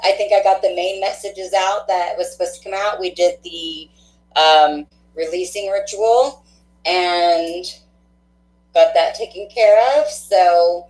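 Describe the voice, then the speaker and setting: A woman hosting a spiritual card-reading livestream, chatting warmly and laughing often, with a stuffy nose. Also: fairly low pitch, slow pace. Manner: affectionate, chatty, laughs often, many fillers. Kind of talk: casual livestream sign-off chat. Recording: echoey room.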